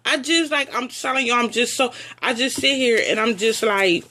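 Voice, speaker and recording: A woman's voice: a little high, normal speed, pushed and bright. Woman ranting on her live stream. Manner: emotional, repetitive, venting frustration. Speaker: online show host. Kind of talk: live-streamed personal rant.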